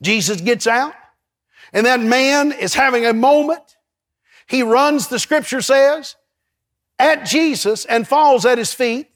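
A man preaching with a strikingly high voice, fervent and rising to shouts at his peaks. He sounds middle-aged and calls out to the congregation as he preaches. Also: slow. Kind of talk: sermon.

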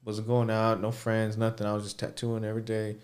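A man's voice: fairly low pitch, completely flat delivery, a little fast, a little mellow. A young man who works as a tattoo artist, a guest on a podcast, talking casually, cursing freely and saying "you know" a lot. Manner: laid-back, swears a lot, fills talk with "you know".

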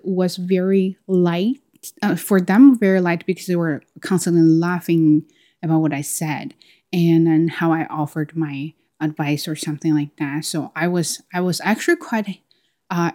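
A young woman hosts a podcast, casually recounting a personal story. Her voice sits a little low and sounds soft and mellow. She often breaks off and restarts her phrases as she talks. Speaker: podcast host.

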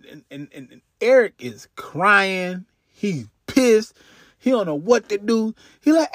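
A man's voice: sits high, takes it slowly, no room sound, studio quality. A man from Houston, telling a profane comedic story on his podcast. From Houston, Texas. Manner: animated, profane, swings into character voices. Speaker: podcast host.

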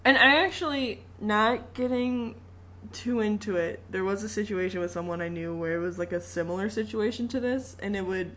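A woman co-hosting a podcast, animated and laughing as she recaps a movie in casual chat, swearing freely along the way. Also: medium pitch, normal speed. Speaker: podcast co-host.

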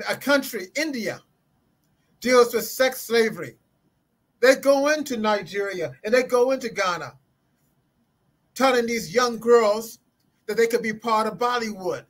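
A man's voice: very high voice, a bit bright, low-quality recording. A man speaking as a guest scholar in an interview, with an emphatic, preaching cadence. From United States. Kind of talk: impassioned interview talk. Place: Orlando.

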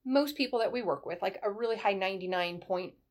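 Animated middle-aged woman telling stories. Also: medium pitch, fast. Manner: animated storyteller, acts out dialogue in a brighter voice. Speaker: guest, former military first sergeant. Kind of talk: conversational advice in an interview.

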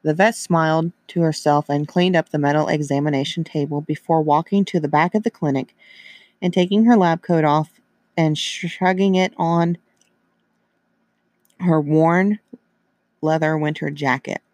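A man narrating a story in a steady, even reading voice. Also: on the high side, unhurried, dry recording.

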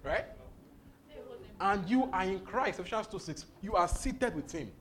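A man's voice: high voice, lively intonation, unhurried, fairly bright tone, a little hiss or hum. A man preaching a charismatic sermon, exuberant and often laughing as he repeats his phrases.

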